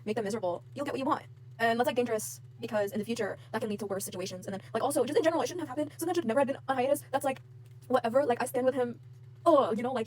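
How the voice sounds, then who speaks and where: A woman's voice: fairly high pitch, slight background noise. A woman vlogger in a casual rant to camera, heated and frustrated, with lots of fillers and swearing.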